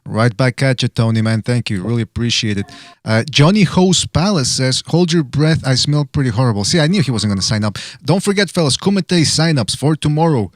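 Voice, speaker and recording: A man hosts a loose podcast chat and fires off his lines quickly. He jokes and teases as he hypes the show's callouts. His voice sounds dry and close, with no room around it. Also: mid-range voice, animated, no room sound. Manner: joking, hyping up callouts. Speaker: podcast host. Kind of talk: casual call-in podcast chat.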